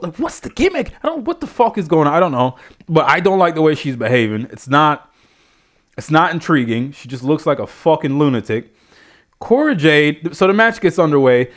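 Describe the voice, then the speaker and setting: A man reviewing a wrestling show in a blunt, exasperated rant full of swearing. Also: on the high side. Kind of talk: profane ranting review.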